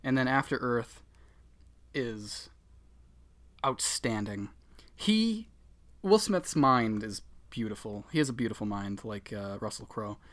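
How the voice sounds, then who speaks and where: A man co-hosting a podcast, chatting casually about movies with sarcastic, animated swearing. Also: medium pitch, slow pace, pauses often. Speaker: podcast co-host. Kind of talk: casual movie-review chat.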